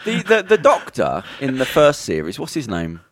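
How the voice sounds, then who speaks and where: A man co-hosting a casual podcast chat, animated and swearing freely as he tells stories. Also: medium pitch, normal speed. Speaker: podcast co-host.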